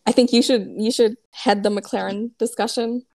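A woman co-hosting a casual podcast chat, firing off questions in an animated way. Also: on the high side, moderate pace. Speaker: podcast co-host.

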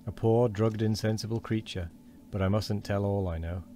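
A man's voice: fairly low pitch, fairly even intonation, normal speed, mellow, a little hiss or hum, close to an everyday voice. A man voicing a frail, wheezing old man who is fearful and gossipy, his speech quavering.

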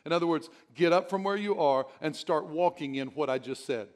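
High-voiced emphatic male preacher. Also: a little fast. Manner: emphatic, repetitive exhortation with chuckles. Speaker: pastor. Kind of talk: sermon.

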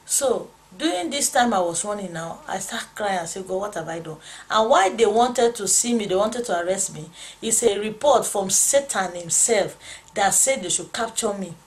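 A woman's voice: medium pitch, lively intonation, moderate pace, low-quality recording. A woman telling a dream testimony in a church setting, earnest and storytelling, repeating lines as her feeling rises. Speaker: pastor's wife sharing a dream testimony. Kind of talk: spoken testimony.

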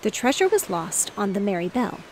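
A woman's voice: medium pitch, big pitch swings, a little fast, a little mellow, a little hiss or hum, close to an everyday voice, poor audio. Woman reading an injured old sailor, weak and faltering, with faint waves behind. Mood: mournful. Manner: faltering, dazed.

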